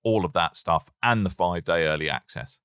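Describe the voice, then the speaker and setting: Male co-host, low voice with bright edge, jokey chat. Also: brisk, smooth, dry recording, studio quality. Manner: chatty, jokey, trails off and restarts. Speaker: podcast co-host. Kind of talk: casual chat about video games.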